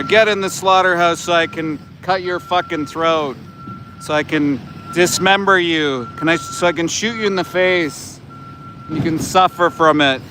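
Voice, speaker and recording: A man's voice: a little high, noisy background, close to an everyday voice. A man putting on a callous, foul-mouthed slaughterhouse worker in crude, sneering mockery. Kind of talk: mocking impression on a livestream.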